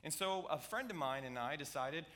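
A man's voice: a little high, animated, normal speed, pushed and bright. A middle-aged man preaching a playful, jokey sermon in a church, talking to the congregation with asides. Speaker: pastor. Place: church sanctuary.

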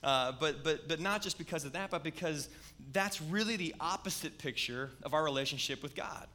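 A man's voice: on the high side, a little fast, sharp tone. A man, preaching a sermon in a conversational, storytelling way. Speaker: pastor.

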